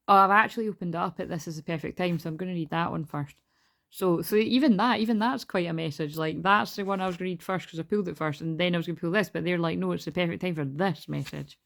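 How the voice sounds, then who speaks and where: A woman with a lowish voice chats through a tarot card reading. She rambles, laughs often and swears freely, as if talking to her followers. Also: fairly bright tone. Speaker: tarot reader. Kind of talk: casual spiritual card reading.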